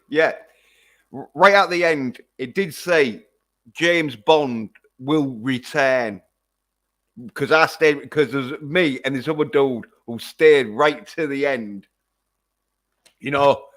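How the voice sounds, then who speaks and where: Swearing nonstop, a man rambles through a casual film review on a livestream in a medium-pitched, fairly bright voice.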